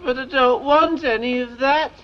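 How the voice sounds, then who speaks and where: An actor playing a timid, dreamy young prince who pleads to sing, from lo-fi film audio. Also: male voice, very high-pitched, fairly even intonation, normal speed. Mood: pleading. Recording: dull old film audio with music.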